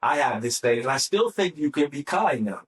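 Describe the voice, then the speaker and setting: A man's voice: medium pitch, sing-song, moderate pace, a bit bright. Rambling man co-hosting a podcast. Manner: rambling, many fillers and restarts. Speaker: podcast co-host. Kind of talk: casual conversation.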